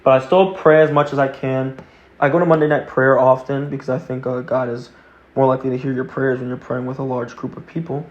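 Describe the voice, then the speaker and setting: A man's voice: mid-range voice, little pitch movement, brisk. Earnest, rambling young man, lo-fi. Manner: earnest, rambling, with many fillers. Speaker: vlogger. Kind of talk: casual self-talk monologue. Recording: dull lo-fi sound.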